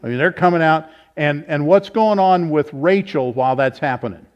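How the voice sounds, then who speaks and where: A man's voice: on the high side, normal speed, clear, resonant tone. Male pastor, casual Bible study teacher, chatty and self-correcting, somewhat muffled church recording. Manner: informal, thinks aloud, self-corrects. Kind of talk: conversational Bible teaching with audience questions. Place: church meeting room. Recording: slightly dull, lo-fi.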